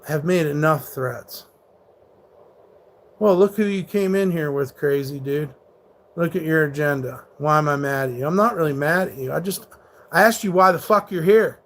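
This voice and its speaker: Combative, profane male livestreamer, higher voice. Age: 30s. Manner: combative, profane, rants back at hecklers. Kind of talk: live stream, answering chat.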